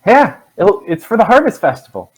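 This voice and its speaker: A bubbly little halfling villager gushes in a high, bright voice, as a man puts him on at the game table. He sounds breathless with delight, with his words tumbling out in excitement. This is a casual tabletop-game character voice. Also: fairly quick, husky, heavily acted. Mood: cheerful.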